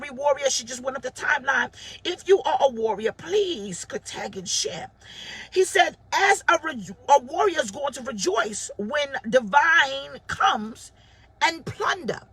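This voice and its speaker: Woman pastor in her 40s, very high voice, bright and sharp tone, animated sermon, calls out viewers. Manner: animated preaching, shouting out viewers by name. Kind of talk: sermon on a livestream.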